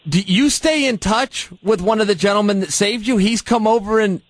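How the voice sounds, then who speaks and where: A man's voice: sits high, normal speed, dry recording. A man interviewing a guest in a friendly way, stammering a little on his starts. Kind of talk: casual interview.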